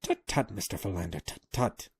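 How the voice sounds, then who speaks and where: A man's voice: deep voice, animated, normal speed, slightly rough, no room sound, clean studio sound, exaggerated voice. A man voicing a fussy, absent-minded old male professor who mutters stock phrases in a raised, flustered voice.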